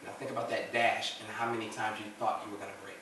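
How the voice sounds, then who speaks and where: A man's voice: on the low side, flat delivery, quick pace, background noise. A man leading a church group discussion, talking earnestly and repeating phrases for emphasis. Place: church room. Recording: echoey room, mic far off.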